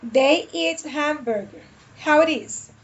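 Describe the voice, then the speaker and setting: A woman with a Spanish accent teaching an English class, repeating phrases slowly and switching between English and Spanish. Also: high voice. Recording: dull lo-fi sound.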